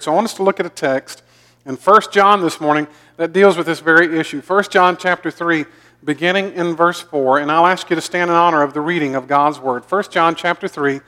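Bright and forceful, the voice of a pastor from the American South, a little high and brisk, carries a mild Southern accent through a folksy, joking sermon with many repeated words. He is in a church sanctuary, and the recording has long hall reverb.

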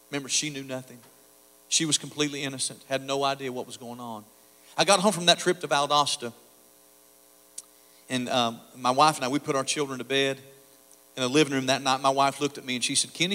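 A middle-aged man giving a testimony sermon, confessional at first, then fervent. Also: medium pitch. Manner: quiet and confessional, building to fervent preaching. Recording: echoey hall reverb.

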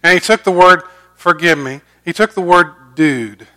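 Man, pastor, sermon, earnest, swings loud to soft, high-ish voice. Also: unhurried. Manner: earnest preaching with shifts between loud and soft.

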